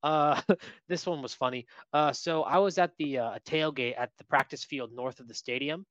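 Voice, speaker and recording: A man co-hosting a casual sports podcast, telling lively stories about what he saw at a game. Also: a little high, normal speed, no echo, dull audio. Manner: lively anecdotal storyteller. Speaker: podcast co-host.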